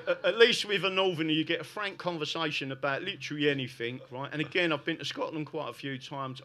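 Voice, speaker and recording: Fervent South London man, bright voice. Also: sits high. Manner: fervent, repetitive "right?" and "listen". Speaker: public speaker. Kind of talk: impassioned talk to an audience.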